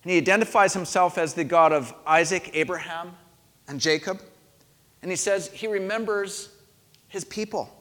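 A man's voice: high voice, moderate pace, fairly bright tone. A male pastor giving a sermon in a conversational storytelling manner, asking his listeners questions. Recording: long hall reverb.

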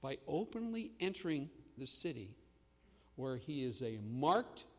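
A man preaching a sermon as pastor, swinging between loud proclamation and hushed asides. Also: mid-range voice, sing-song, unhurried, long reverb tail.

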